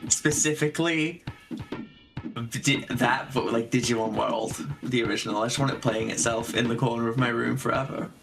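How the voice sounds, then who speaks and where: Gravelly northern English man, dry humor. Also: medium pitch, steady tone, moderate pace, poor audio. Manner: dry, laughing, rambling. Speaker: stream guest. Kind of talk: casual chat. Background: game music.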